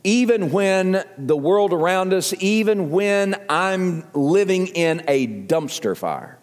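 In a church sanctuary with a long reverb tail, an older Southern-accented pastor preaches slowly in a high voice with lively intonation. Earnest and emphatic, he repeats phrases as he builds toward appeals.

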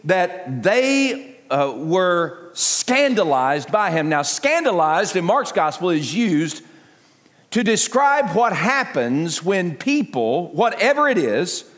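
A man preaching a sermon as pastor, animated and conversational, acting out scoffing voices of a crowd with asides to his congregation. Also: high voice. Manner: frequent fillers and restarts, self-deprecating asides. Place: church sanctuary. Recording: reverberant church hall.

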